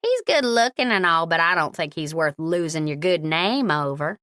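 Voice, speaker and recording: A woman's voice: lowish voice, lively intonation, normal speed, fairly bright tone, dry recording, studio quality. A woman putting on a catty small-town beautician.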